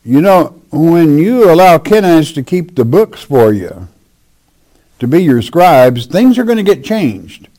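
A man's voice: on the high side, big pitch swings, unhurried, warm tone. A man teaching the Bible verse by verse, reading scripture aloud and commenting on it with emphasis.

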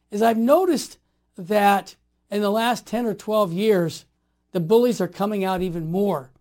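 A man in his sixties telling stories as an interview guest, emphatic and animated, building to forceful declarations. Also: high voice. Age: 60s. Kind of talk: impassioned conversational storytelling.

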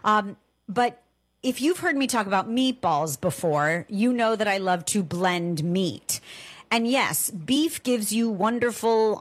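Chatty, enthusiastic woman cooking-show host. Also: mid-range voice. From Southern California. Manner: warm chatty enthusiasm, emphatic repetitions. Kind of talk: conversational solo podcast monologue.

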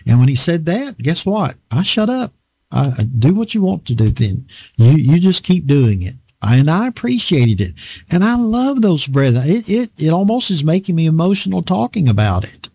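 A man's voice: fairly high pitch, big pitch swings, normal speed, mellow, no room sound. A man with a Southern US accent preaching a sermon in a folksy, storytelling way, rambling with fillers. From American South.

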